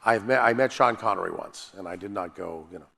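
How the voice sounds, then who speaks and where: A man, a voice actor and panel guest, telling animated, self-deprecating stories with frequent restarts. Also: low-pitched, quick pace, creaky, big-room sound. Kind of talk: animated anecdotal storytelling.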